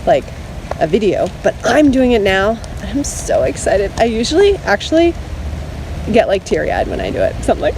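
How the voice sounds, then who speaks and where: A woman vlogging outdoors at night in pouring rain, telling an excited, emotional story and getting choked up. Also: medium pitch, moderate pace, gravelly. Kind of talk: casual vlog monologue. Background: rain and passing traffic.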